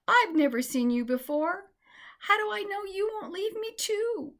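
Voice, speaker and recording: A woman's voice: very high-pitched, unhurried, a bit bright, voice pushed up, full character voice. A woman voicing a sweet young female mouse who is homesick and often tearful, with pleading cries. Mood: distressed.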